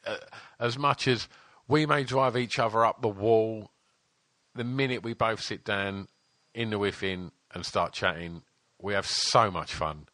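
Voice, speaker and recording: A man's voice: fairly low pitch, a little slow, sharp tone, no room sound. A man co-hosting a podcast, talking in a casual, teasing way with lots of swearing and fillers. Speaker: podcast co-host. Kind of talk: casual chat.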